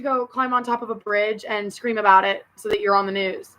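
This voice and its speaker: A woman venting to her camera at her sister, bitter and profane, her voice dropping low or flaring hot. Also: steady tone, brisk, fairly bright tone, low-quality recording. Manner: swings between muttering and heated outbursts. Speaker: vlogger addressing her sister. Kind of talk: personal rant to camera.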